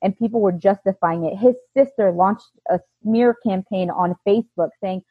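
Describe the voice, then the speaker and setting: Woman narrator, slightly husky voice, candid emotional testimony, dull dry recording. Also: mid-range voice, normal speed, no room sound. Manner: earnest, emotional retelling with many quoted lines. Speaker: personal storyteller.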